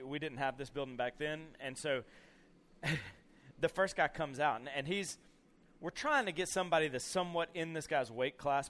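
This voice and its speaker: Man, young, camp speaker; bright, slightly high voice, lively storyteller who acts everything out. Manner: animated storyteller acting out scenes, many "you know" fillers. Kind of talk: storytelling sermon to youth.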